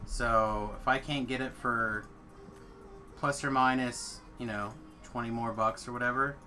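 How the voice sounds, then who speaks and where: A man's voice: mid-range voice, a little slow, soft background music. A man streaming a game and chatting casually, telling stories with lots of laughter. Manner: animated storyteller, laughs often. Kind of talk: casual chat while gaming.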